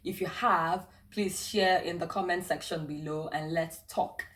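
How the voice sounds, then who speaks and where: A woman's voice: on the low side, a little slow, noisy background. A young Nigerian woman with a Nigerian accent, chatting and laughing through a casual travel storytime vlog. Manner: chatty and animated, many fillers and laughs. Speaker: travel vlogger.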